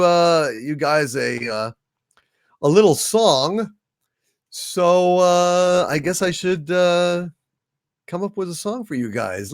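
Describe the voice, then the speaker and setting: A man's voice: high-pitched, a bit bright, no echo, clean studio sound. A man hosting a casual livestream, reading out viewer donations and rambling with frequent "uh" fillers. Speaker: livestream host.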